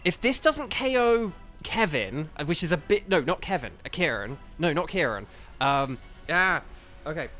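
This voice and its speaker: A young man live-streaming a game and chatting, excitable and flustered, rambling with lots of fillers. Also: fairly high pitch, moderate pace. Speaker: streamer and voice actor. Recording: faint game music behind.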